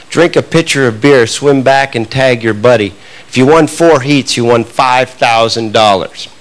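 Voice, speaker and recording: A Canadian man doing stand-up comedy, telling a long animated story to a club audience. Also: mid-range voice. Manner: animated, building to excited outbursts with audience laughter. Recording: noisy live club recording.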